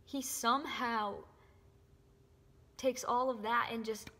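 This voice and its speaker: Emotional breathy young woman, soft whispers. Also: fairly high pitch, fairly even intonation, takes it slowly. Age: young adult. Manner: earnest, emotional, often drops to a soft whisper. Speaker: faith vlogger. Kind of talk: heartfelt testimony to camera. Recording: echoey room with long reverb.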